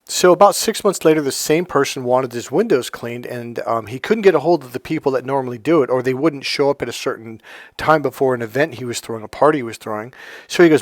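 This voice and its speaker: A male life coach talks in a loose, storytelling way and acts out both sides of everyday conversations. His voice sits at an ordinary middle pitch. The sound is close and dry, with no room echo. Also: fast. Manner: storytelling, acts out quoted exchanges with sudden high-pitched bursts. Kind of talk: casual motivational monologue.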